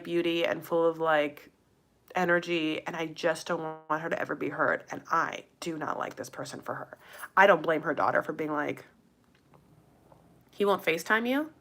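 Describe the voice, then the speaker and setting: A woman recapping a reality show in a casual, gossipy chat, full of "like" fillers and playful asides to her viewers. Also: lowish voice. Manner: addresses viewers directly as "you guys" and "honey". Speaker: recap vlogger.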